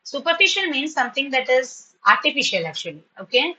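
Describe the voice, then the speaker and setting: A woman's voice: sits high, very animated, brisk, bright, forceful tone, low-quality recording. A woman teacher, running a spoken class patiently and praising students often, sometimes switching into to explain. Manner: switches into Tamil when explaining. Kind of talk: online spoken English class.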